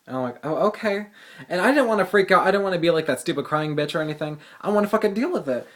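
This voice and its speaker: A man's voice: fairly high pitch, racing. A teenage boy telling a story as a casual rant, exasperated and profane. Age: teens. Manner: exasperated, profane, lively retelling. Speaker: vlogger, high school student.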